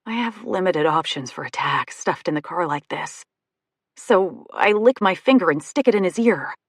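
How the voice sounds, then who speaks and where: A woman reading a first-person romantic comedy audiobook, expressive and comic in the dialogue. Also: on the low side, normal speed, husky, dry recording, clean studio sound. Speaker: audiobook narrator.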